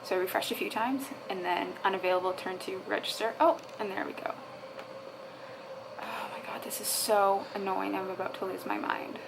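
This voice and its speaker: A woman's voice: medium pitch, steady tone, normal speed, gravelly, background noise. A woman vlogging casually, talking to herself and her viewers, exasperated and swearing as she tries to register online. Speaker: fitness vlogger. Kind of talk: casual vlog commentary.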